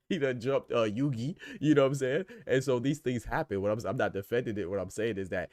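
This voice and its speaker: A man's voice: medium pitch, moderate pace, darkish tone. A man hosting a boxing podcast, talking casually and with energy, asking rhetorical questions and reading out chat comments. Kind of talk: casual live-stream commentary.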